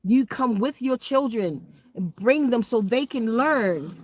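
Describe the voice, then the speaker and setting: Emphatic grandmother with a high voice. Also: lively intonation, slow pace, a little hiss or hum. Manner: emphatic, preachy, plain-spoken. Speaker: spiritual wellness vlogger. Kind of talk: casual direct-to-camera appeal.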